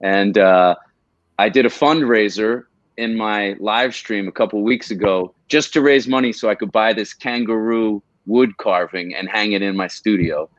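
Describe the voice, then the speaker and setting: A man's voice: lowish voice, moderate pace, dry recording, lo-fi sound. A man chatting as a podcast guest, eagerly telling rambling stories. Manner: enthusiastic, rambling storyteller. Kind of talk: casual chat.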